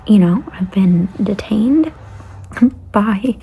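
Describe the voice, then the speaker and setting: Speaking extremely slowly, this young woman vlogger wanders through a relaxed travel anecdote and frequently drops to a breathy, almost whispered delivery. Her mid-range voice has a dark tone, yet her intonation stays lively.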